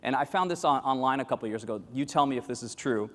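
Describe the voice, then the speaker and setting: A man giving an animated keynote talk to a live audience, quizzing the crowd and acting out quoted voices. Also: medium pitch, racing. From grew up in Latin America. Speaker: keynote speaker. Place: large hall with live audience. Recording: echoey hall with long reverb.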